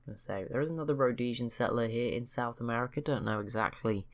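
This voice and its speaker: A man's voice: medium pitch, quick pace. A man hosting a strategy game channel, chatting casually over gameplay with rambling, self-correcting remarks and wry teasing asides. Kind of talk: casual let's-play commentary.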